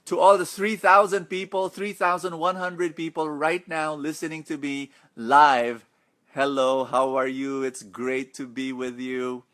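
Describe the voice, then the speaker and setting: A middle-aged man, a preacher hosting a live financial webinar, excitable and chatty, greeting viewers by name between points. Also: fairly high pitch, unhurried. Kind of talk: live-streamed webinar talk.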